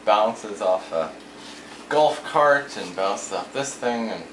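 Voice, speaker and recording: A man casually telling a string of jokes, relaxed and chatty, now and then acting out the people in them. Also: lowish voice, takes it slowly. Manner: relaxed storyteller, acts out voices in quotes. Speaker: joke teller. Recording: echoey room with faint noise.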